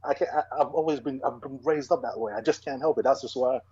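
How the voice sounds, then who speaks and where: A young adult man, a bodybuilder, talking in a casual interview in a fast, driven and emphatic way. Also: mid-range voice, mellow, breathy edge, dry recording. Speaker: bodybuilder guest. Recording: dull lo-fi recording.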